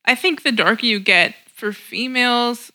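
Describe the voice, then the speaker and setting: A young woman from the United States in casual chat, halting and full of fillers. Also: on the high side, sharp tone, low-quality recording.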